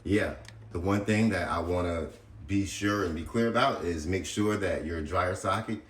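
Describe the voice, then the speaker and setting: Deep-voiced man demonstrating a DIY project. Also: moderate pace, roomy sound. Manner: blunt, chatty, addresses viewers directly. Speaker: DIY solar video host. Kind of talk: casual how-to demonstration. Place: house interior, laundry area.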